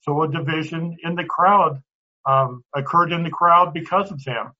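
A man's voice: a little high, moderate pace, sharp tone. A man teaching a Bible class in a conversational way, often restarting words and putting questions to the class. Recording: dull lo-fi recording.

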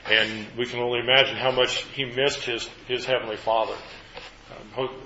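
Bright-voiced man leading a Bible study. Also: medium pitch, flat delivery, normal speed, dull audio. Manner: asks the group questions, then recaps answers.

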